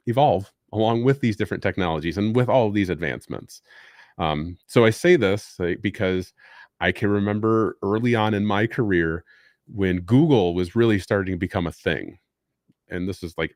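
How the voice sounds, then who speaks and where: Rambling low-voiced man hosting a stream. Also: no room sound, studio quality. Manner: rambling, loose, lots of fillers and restarts. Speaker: host. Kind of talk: live stream Q&A talk.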